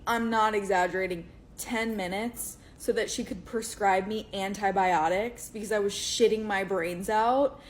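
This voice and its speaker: A woman of middling pitch tells her story candidly and fast, exasperated but plainspoken. Her tone stays casual throughout. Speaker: vlogger.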